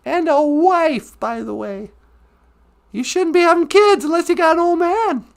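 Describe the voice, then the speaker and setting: A man voicing a brash, opinionated woman co-host with a gravelly, mocking manner in a comedic live stream. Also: extremely high pitch, big pitch swings, normal speed, exaggerated voice. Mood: preachy. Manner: gravelly, laughs through lines, mocking.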